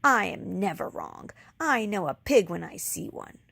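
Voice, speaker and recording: A woman reading a storybook aloud, voicing a bossy older sister who shouts emphatically. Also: medium pitch, lively intonation, measured pace, creaky, breathy edge, exaggerated voice. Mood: bossy shouting.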